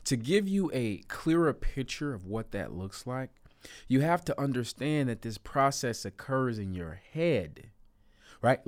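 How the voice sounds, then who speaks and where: A man giving a self-help talk to viewers in an earnest, coaching way, repeating key phrases and stretching words for emphasis. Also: medium pitch. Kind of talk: motivational talk to camera.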